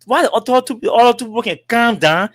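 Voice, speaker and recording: With a very high-pitched voice and rapid delivery, a talk show host with a Liberian English accent spins a long monologue story. He animatedly acts out conversations, repeating lines often, in clean studio audio without room sound.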